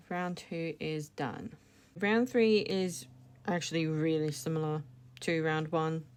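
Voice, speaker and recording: Woman, low-ish voice, unhurried, chatty and self-correcting. Crochet tutorial host. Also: darkish tone. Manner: chatty, self-correcting, laughs at her slips. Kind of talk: casual step-by-step demonstration.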